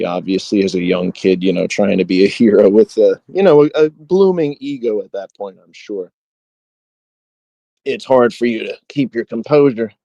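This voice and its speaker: A man's voice: on the low side, creaky, dark tone, no room sound. A man co-hosting a podcast, casually retelling a book scene, quoting the characters and laughing as he goes. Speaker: podcast co-host.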